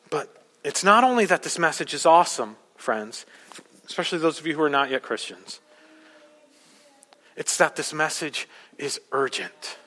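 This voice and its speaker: Guy preaching a sermon in a church, high voice, long echo off the walls. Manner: preaching with urgent emphasis, swinging from soft to loud. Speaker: pastor.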